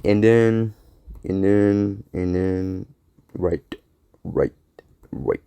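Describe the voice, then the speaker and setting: A podcast host delivers a casual solo monologue on his own show, rambling along, repeating words and trailing off into mumbled asides. His low voice is warm and smooth, with fairly even intonation and drawn-out words.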